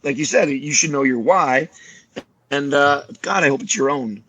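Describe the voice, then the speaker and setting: A man's voice: fairly high pitch, moderate pace. A man on a podcast, talking casually and animatedly, acting out the people in his stories. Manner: animated storyteller, acts out quoted voices. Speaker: martial arts teacher guest.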